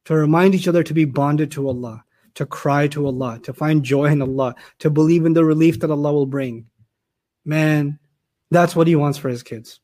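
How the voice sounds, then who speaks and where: A man's voice: fairly high pitch, moderate pace, mellow. A man giving a Quran commentary lecture, emphatic and repeating phrases for stress. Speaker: Quran teacher.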